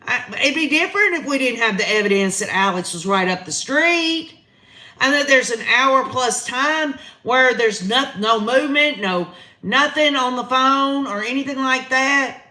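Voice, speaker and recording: A woman's voice: high-pitched, expressive, moderate pace, sharp tone. A woman with a Southern American accent hosting a casual livestream, chatting straight to her viewers. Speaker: livestream host. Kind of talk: casual live commentary.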